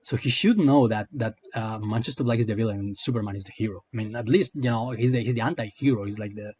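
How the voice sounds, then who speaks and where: Brief: male online commentator, sarcastic rambling rant, slightly breathy voice, muffled lo-fi home recording. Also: lowish voice, fast talker, darkish tone. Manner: hesitant, filler-heavy, sarcastic. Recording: dull lo-fi sound.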